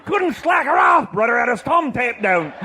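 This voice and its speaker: An older man telling a comic tall tale, boisterous and loud, often laughing as he talks. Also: very high voice, sing-song, moderate pace, a faint crowd, slight background noise. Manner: boisterous, often shouting and laughing mid-sentence. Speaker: storyteller.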